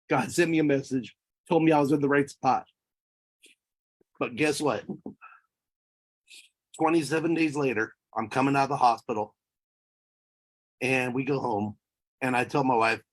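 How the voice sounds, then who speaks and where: Husky-voiced man telling his story. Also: on the low side. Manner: emotional, voice breaking at times. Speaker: speaker sharing a personal story. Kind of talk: personal testimony.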